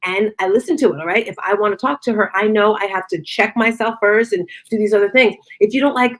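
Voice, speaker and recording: A middle-aged woman giving a casual motivational talk, expressive and chatty, acting out conversations as she goes. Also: mid-range voice, fast talker. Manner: expressive, acts out quoted conversations. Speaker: motivational speaker and fitness studio owner.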